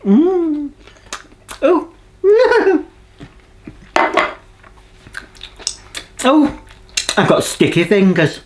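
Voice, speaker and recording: A man's voice: very high-pitched, huge pitch swings, extremely slow, a little hiss or hum, pitched above the performer's own voice, exaggerated voice. A man putting on a giddy, camp, theatrical voice. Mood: delighted. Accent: Yorkshire.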